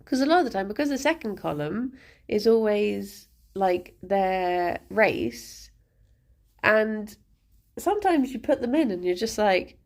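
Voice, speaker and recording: Woman streamer, casual rambling chat, slow and giggly. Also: mid-range voice, lively intonation, darkish tone. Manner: rambling and giggly, laughing often.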